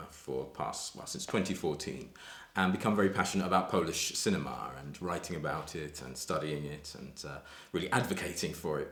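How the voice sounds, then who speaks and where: A man speaking as an interviewee in a measured, reflective way, often adding "you know". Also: low-pitched, fairly bright tone, echoey room. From United Kingdom. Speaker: interviewee, film writer. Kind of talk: casual chat.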